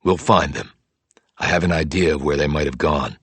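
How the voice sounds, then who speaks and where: A terse male investigator with a very deep, husky voice, as a narrator does him. He speaks in short, grim lines, recorded dry and close. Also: moderate pace, no echo, full character voice. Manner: terse, clipped. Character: tough, driven male investigator.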